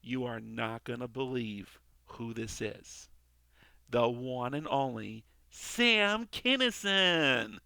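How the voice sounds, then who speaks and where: A man's voice: mid-range voice, expressive, slow, gravelly, sharp tone, clear, resonant tone, dry recording. A man casually reviewing a TV episode, rambling with many restarts and tag questions. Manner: rambling, repeats "okay" and "all right". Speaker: TV show reviewer. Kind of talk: casual commentary.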